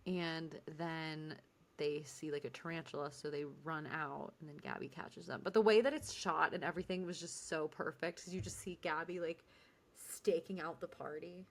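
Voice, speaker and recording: A woman's voice: low-pitched, fairly even intonation, normal speed. A woman co-hosting a podcast, chatting casually and giggling as she recaps a TV episode. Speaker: podcast co-host. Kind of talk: casual chat recapping a TV show.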